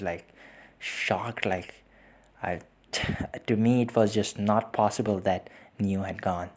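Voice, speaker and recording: A young man hosting a podcast, recounting a painful loss in a halting way, with repeated words and sighs, close to tears. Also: on the low side. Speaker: podcast host. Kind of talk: personal reflective storytelling.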